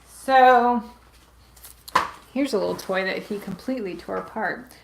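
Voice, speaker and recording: A woman in her late twenties from Massachusetts hosts a casual live Q&A from home with her pets nearby, rambling through viewer questions with many "like" and "um" fillers. Her mid-range, gravelly voice comes at a measured pace through a webcam or phone on a livestream, in an echoey room with background noise.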